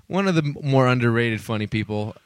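A man co-hosts a loose podcast chat at a middle pitch. He jokes, laughs often and trails off mid-sentence. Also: animated, brisk, smooth, no echo. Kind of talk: casual chat.

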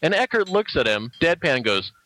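Bright, lively-voiced man, sarcastic. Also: a little high, normal speed, rough recording. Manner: animated, sarcastic retelling with mock quotes. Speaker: podcast co-host. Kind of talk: casual comedy podcast chat.

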